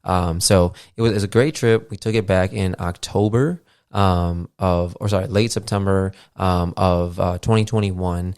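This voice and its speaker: With a deep, steady, darkish voice that is clear and resonant, a podcast host in his thirties rambles casually at a moderate pace, dropping many fillers and casual swear words. The studio sound is clean with no room sound, via a podcast mixer setup.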